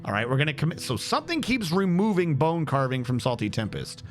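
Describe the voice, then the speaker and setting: A man's voice: fairly high pitch, sing-song, a little fast, music in the background. A man streaming a game, thinking aloud on a headset as he troubleshoots. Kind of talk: casual gameplay commentary.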